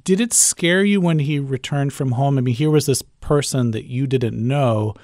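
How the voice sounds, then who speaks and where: A man's voice: medium pitch, normal speed, a little mellow, no echo. Curious male interviewer, dry sound. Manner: curious, slightly hesitant. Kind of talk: interview questions.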